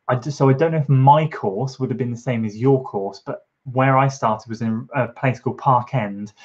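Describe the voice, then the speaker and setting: Guy rambling on his live stream in the kitchen, lotsa ums, mid pitch, bit lo-fi. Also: darkish tone. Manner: chatty, encouraging, rambling with fillers. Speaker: running vlogger answering live chat. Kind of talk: casual live-stream chat. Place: kitchen at home.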